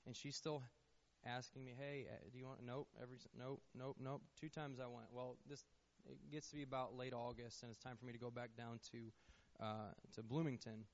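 A man's voice: mid-range voice, flat delivery, brisk. Young man, earnest testimony speaker, faltering repeats, mid-range voice, slightly muffled lo-fi recording. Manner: earnest storytelling, frequent restarts and repeated words. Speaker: church member giving testimony. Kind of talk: personal testimony told to a congregation. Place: church sanctuary.

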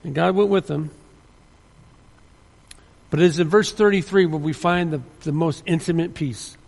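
High gravelly preacher man, echoing hall. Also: fairly even intonation, moderate pace, darkish tone. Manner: earnest, emphatic, with frequent restarts. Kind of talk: sermon. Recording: long hall reverb.

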